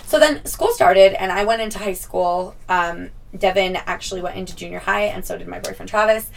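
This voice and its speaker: A woman's voice: medium pitch, a little fast, vocal fry, far from the mic, a little hiss or hum, poor audio. A young woman telling a casual storytime vlog, chatty, swearing freely and laughing often. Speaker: vlogger.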